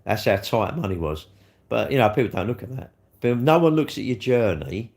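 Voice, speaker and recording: A man's voice: mid-range voice, lively intonation, fairly quick, creaky, a little mellow. A middle-aged man, rambling casually on a live stream, swearing freely and answering viewer comments. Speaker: livestreamer.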